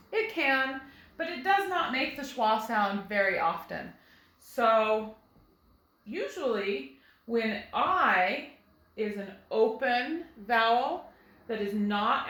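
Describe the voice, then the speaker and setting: Slow, patient woman teaching phonics. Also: on the high side, fairly bright tone, roomy sound, low-quality recording. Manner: slow, patient, sounding words out. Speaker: first grade teacher. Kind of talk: recorded phonics lesson.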